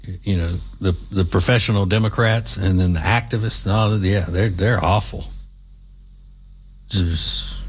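A man's voice: sits low, normal speed, breathy edge. A middle-aged man, hosting a casual commentary monologue in a rambling, folksy, conversational way. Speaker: commentary show host.

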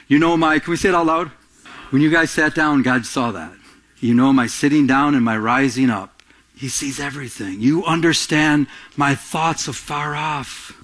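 A middle-aged man preaching a sermon as pastor, animated, jumping between loud emphatic lines and quiet asides, acting out little voices in his stories. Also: fairly high pitch. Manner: acts out little voices in anecdotes, laughs while telling them.

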